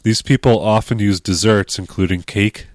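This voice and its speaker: A man's voice: fairly low pitch, fairly even intonation, moderate pace, no room sound, clean studio sound. A man from Connecticut co-hosting a podcast, joking around and reading an article aloud in casual chat. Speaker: podcast co-host.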